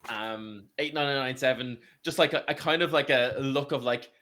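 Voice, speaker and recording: A man's voice: mid-range voice, moderate pace, sharp tone. A man playing a tabletop game, who playfully describes his character's stunts in detail. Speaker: player.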